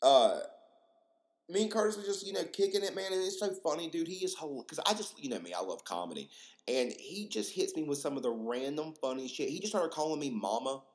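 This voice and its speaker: A man's voice: fairly high pitch, lively intonation, fairly quick. A young man hosting a podcast, telling stories in a rambling, slangy way with lots of fillers and crude jokes. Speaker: podcast host. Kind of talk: casual storytelling monologue.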